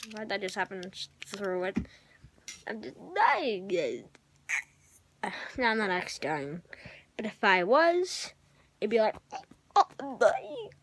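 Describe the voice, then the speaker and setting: A woman's voice: mid-range voice, fairly bright tone, slight background noise. A girl vlogging from her bedroom, rambling and self-mocking, often sighing and dropping to a whisper. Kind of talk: rambling casual vlog to camera. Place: bedroom, on a bunk bed.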